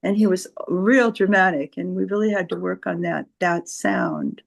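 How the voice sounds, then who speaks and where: A woman's voice: on the low side, moderate pace, vocal fry, low-quality recording. A woman with a Californian accent, speaking as a volunteer tutor in a casual group discussion on a video call, hesitant, with many fillers and restarts.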